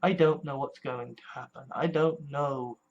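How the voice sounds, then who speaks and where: A frightened vlogger speaks straight to camera, voice mid-pitched and unsteady. The talk comes in halting bursts full of swearing and restarts, the sound of someone genuinely scared. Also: fairly even intonation, muffled recording. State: scared and distressed. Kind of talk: personal political vlog.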